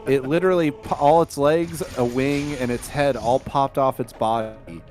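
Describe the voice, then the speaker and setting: A man's voice: medium pitch, normal speed, faint music behind. A young man, a podcast co-host, chatting casually on a live gaming stream, joking and jumping in to finish other people's lines. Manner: animated, jokey, jumps in to finish lines.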